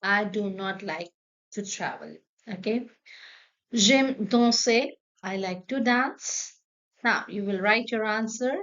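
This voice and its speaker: A woman gives an online language lesson. She talks slowly and warmly encouraging, with a middle pitch, and repeats each example. The audio sounds dull and lo-fi. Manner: slow, encouraging teaching delivery with repeated examples. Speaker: French teacher.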